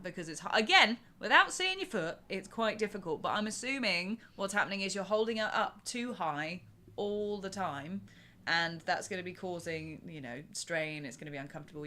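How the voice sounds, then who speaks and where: Lady drum teacher, cheeky and blunt, lower voice but really bright. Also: moderate pace, a little hiss or hum. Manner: cheeky, blunt, relaxed advice with casual swearing. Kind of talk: casual live-stream chat.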